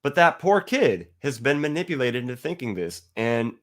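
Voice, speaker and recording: A man giving a heated, profane monologue to his viewers, blunt and argumentative, sometimes reading a passage aloud slowly. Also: mid-range voice, sing-song, a bit bright. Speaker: atheist video host. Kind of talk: ranting monologue to camera.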